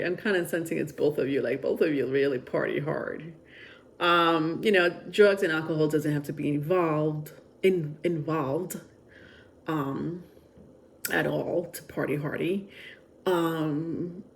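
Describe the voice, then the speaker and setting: Female tarot reader with a lowish voice, talking in a loose, rambling, filler-heavy way. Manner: rambling and chatty, with frequent filler words. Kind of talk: casual tarot reading.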